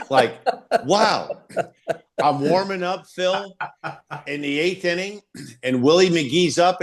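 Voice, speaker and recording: An older man, a former baseball pitcher, recounting a game in a plain-spoken, casual way with some swearing. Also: fairly bright tone. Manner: plain-spoken, swearing, recalls events step by step. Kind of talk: casual storytelling.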